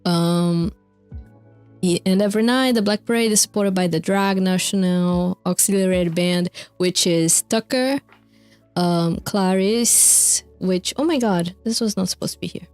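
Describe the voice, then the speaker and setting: A woman's voice: on the low side, unhurried, darkish tone, clear, resonant tone, dry recording, soft background music. A young woman streamer casually recapping concert lore, rambling with fillers, swearing and laughing often. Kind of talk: casual chat over video clips.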